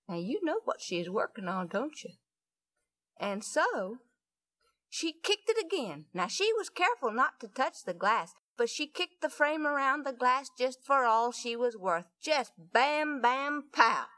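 A woman tells a folksy tale with a very lively, swooping voice that is bright and fairly high. She breaks off for chatty asides to her listeners, and the sound is dry and close. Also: unhurried, dry recording. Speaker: storyteller. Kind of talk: folksy oral storytelling.

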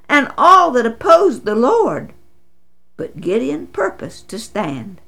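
Slow, expressive woman storyteller. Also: vocal fry. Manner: dramatic, voices quotes with big pitch swings. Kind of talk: expressive scripted Bible story narration.

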